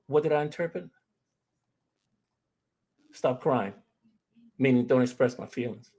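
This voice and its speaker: A man's voice: on the high side, a little slow, pauses often. A man giving an earnest presentation on grief, telling personal stories and speaking to the audience as family. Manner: earnest, addresses the audience as "fam".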